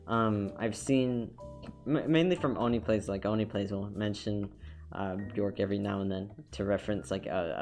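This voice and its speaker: While drawing on a live stream, a man chats casually in a lowish, darkish voice, upbeat and rambling, with lots of fillers and restarts. Faint music plays behind him.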